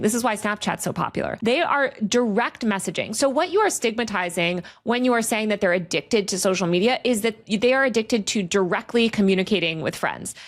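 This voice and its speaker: A woman podcast host in casual political chat. She talks fast and sardonically, waving off arguments she finds silly with throwaway phrases. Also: mid-range voice. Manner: quick, sardonic, brushes points off with filler phrases.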